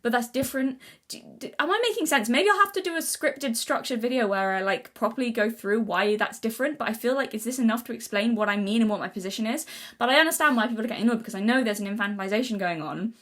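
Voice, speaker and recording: A woman's voice: a little high, quick pace, hardly any pauses, a bit bright. A young woman vlogging in casual unscripted talk, earnest and rambling, with many restarts and self-corrections. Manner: earnest, thinking aloud.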